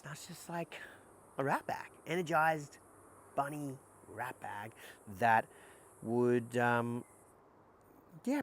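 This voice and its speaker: A man who works as a psychotherapist talks straight to camera in a loose, candid way, swearing now and then. His delivery starts and stops in lively bursts. A faint hiss sits under the recording. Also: on the low side, creaky. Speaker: somatic psychotherapist. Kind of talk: casual explanatory talk to camera.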